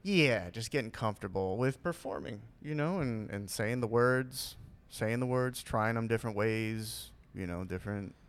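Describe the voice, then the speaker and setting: A man with a low, gravelly voice talks as a podcast guest. He rambles and hesitates, stacking fillers and trailing off between thoughts. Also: moderate pace. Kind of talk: casual podcast chat.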